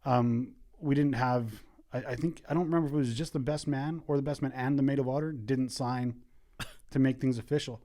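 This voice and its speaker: A man's voice: medium pitch, steady tone, a little fast, dark tone. A Canadian man hosting a casual roundtable, telling a wedding story with a wry tone and frequent laughter. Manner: wry, laughs mid-sentence. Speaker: podcast host. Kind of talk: casual storytelling among friends.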